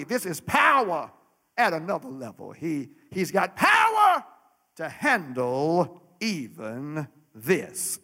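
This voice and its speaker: A man preaching a sermon in a rising and falling cadence, repeating his words and swelling to shouts. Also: high voice.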